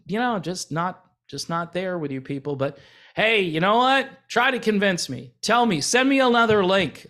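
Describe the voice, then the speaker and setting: Sarcastic rambling American man, fairly high voice. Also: fairly bright tone. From United States. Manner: sarcastic, rambling with many fillers. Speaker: channel host. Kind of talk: casual commentary vlog.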